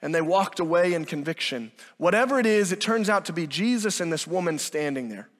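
A man's voice: sits high, expressive, fairly quick, big-room sound. A man preaching a sermon with emphatic delivery, acting out quoted dialogue. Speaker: pastor.

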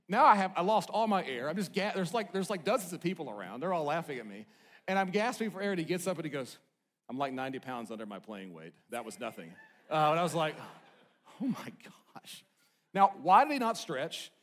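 A middle-aged male pastor preaching, telling a personal story, then swinging between loud, excited passages and hushed, quiet ones. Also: on the high side. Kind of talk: sermon.

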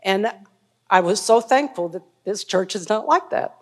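A woman's voice: mid-range voice, expressive, moderate pace. A woman from the congregation earnestly giving thanks during a church service. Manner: earnest, grateful. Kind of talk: church testimony.

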